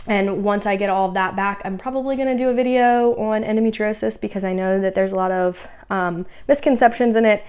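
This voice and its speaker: A woman's voice: mid-range voice, darkish tone. A woman hosting her own budgeting vlog in a casual, upbeat, chatty way, sounding a little winded and out of breath. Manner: upbeat and chatty, with frequent "um" fillers. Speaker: budgeting channel host.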